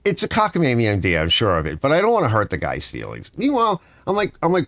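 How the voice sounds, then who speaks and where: A man's voice: medium pitch, fast talker, hardly any pauses, dry recording, studio quality. A man hosting a casual garage livestream, rambling through stories and mimicking other people's lines. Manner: rambling, animated storytelling with mimicked dialogue. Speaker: garage channel host. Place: home garage workshop.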